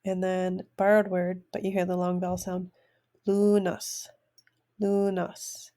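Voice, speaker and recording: A woman giving a recorded language lesson at a very slow pace. Her voice is mellow and dark, and she pronounces each word carefully, then says it again for her students. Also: on the low side, completely flat delivery. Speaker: language teacher.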